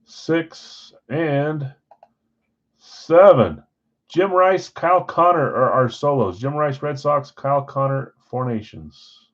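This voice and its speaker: A man's voice: fairly high pitch, animated, slow pace, muffled recording. A man hosting a live sports card break, casually rattling off player names and who got which spot.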